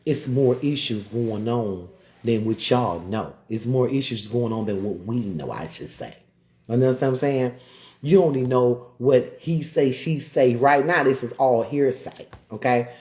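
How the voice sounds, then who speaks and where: A live streamer with a medium-pitched, a little mellow voice speaks a little slowly with lively intonation. Ranting in heated commentary, he emphatically repeats points, fires off rhetorical questions, and breaks off mid-rant to greet viewers.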